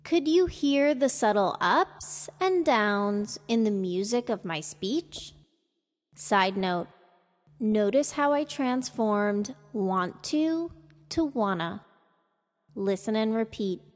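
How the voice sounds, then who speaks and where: A woman teaching English intonation in a scripted podcast lesson, speaking with slow, careful deliberation. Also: medium pitch, in a large hall.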